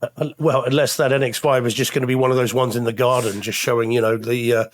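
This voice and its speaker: A man's voice: mid-range voice, flat delivery, fast talker, no room sound. A man co-hosting a casual podcast, joking around and greeting viewers in the chat. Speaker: podcast co-host.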